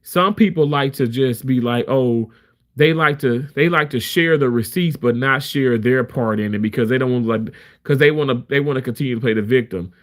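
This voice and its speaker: Speaking fairly quickly in a mid-range voice, a man streams live and rants his way through a story to camera. He comes across as frank and forceful, often starting his sentences over.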